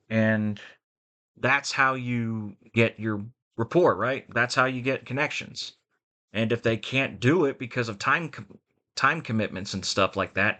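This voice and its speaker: Bright-voiced rambling male vlogger. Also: mid-range voice. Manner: rambling, frank, with restarts. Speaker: voice actor and vlogger. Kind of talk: rambling casual vlog.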